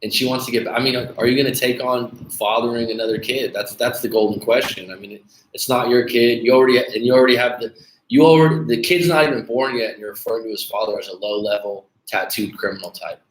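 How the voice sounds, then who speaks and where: A man's voice: medium pitch, quick pace. A man hosting a dating coaching livestream, chatting casually and bluntly with viewers, swearing freely and calling them dude. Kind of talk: casual livestream chat reading viewer comments. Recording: echoey room with faint background noise.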